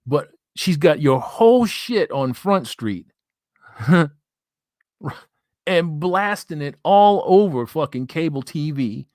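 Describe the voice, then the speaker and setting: A man's voice: on the high side, no room sound, clean studio sound. A man hosting a live stream, reading viewer comments and ranting in crude, profane, mocking banter. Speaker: livestream host.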